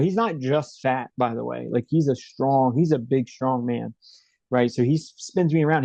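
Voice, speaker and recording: Middle-aged guy rambling through a story, warm dark voice, dry dull sound. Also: medium pitch, dry recording. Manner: rambling, repeats himself, many fillers. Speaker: interview guest. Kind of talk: casual storytelling.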